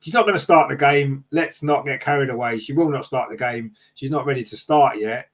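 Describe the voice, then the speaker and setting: A man's voice: medium pitch, fairly quick. A man hosting a casual fan podcast, reading out live chat comments and answering them with lots of fillers and tag questions.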